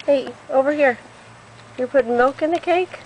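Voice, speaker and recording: A woman's voice: high voice, moderate pace, a little hiss or hum, poor audio. A woman filming a home video and chatting with a small child, playful and full of exaggerated reactions. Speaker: parent filming a toddler.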